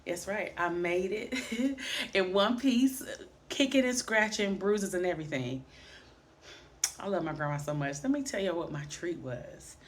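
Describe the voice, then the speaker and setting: Middle-aged woman vlogger, lower voice; animated storyteller who acts out the voices. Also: a little slow. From Highland Park, Michigan, near Detroit. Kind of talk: personal storytelling vlog.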